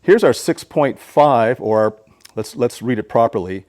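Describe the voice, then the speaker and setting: A man's voice: medium pitch, lively intonation, a little slow, darkish tone, no room sound. A man hosting his own DIY channel who gives a patient, plain-spoken how-to explanation. He often stammers and restarts his sentences.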